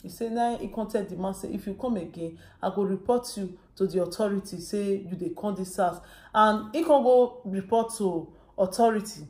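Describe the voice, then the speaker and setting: A woman speaking with a Nigerian Pidgin accent tells a story in a casual vlog, slipping into the quoted lines of each person in it. Her voice is warm and mellow. The sound bounces around an echoey room. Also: mid-range voice, normal speed. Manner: retells a story with quoted dialogue. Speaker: vlogger.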